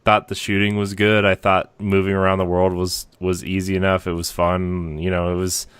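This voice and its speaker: A man's voice: low voice, monotone, normal speed, fairly bright tone, clean tone, no echo. A man co-hosting a gaming podcast, talking casually with hesitant, rambling starts and fillers. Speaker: podcast co-host.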